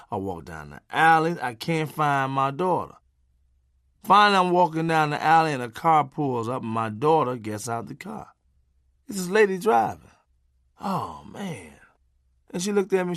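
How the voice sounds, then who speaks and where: Lively, animated storytelling man. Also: on the high side, no echo, studio quality. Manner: animated, punchy, folksy, salty language. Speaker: memoir narrator. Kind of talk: conversational storytelling narration.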